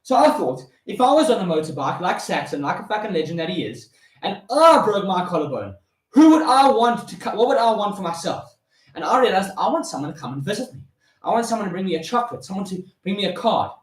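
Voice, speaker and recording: A young man from South Africa, loud and fired up, swearing heavily and counting reps aloud while out of breath from push-ups. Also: high-pitched, big pitch swings, fast. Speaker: vlogger. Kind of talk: motivational rant while doing push-ups. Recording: roomy echo.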